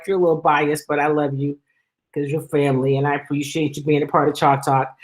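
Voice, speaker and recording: A woman hosting a sports talk show, giving emphatic, exasperated commentary in a casual style, reading and answering listener comments. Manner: emphatic, exasperated, animated pitch jumps.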